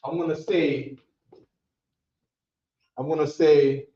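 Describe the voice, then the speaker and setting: A man teaching a language class in a relaxed, coaxing way, drilling words out loud and checking in with the students. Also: on the high side, slow pace. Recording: echoey room, dull lo-fi sound.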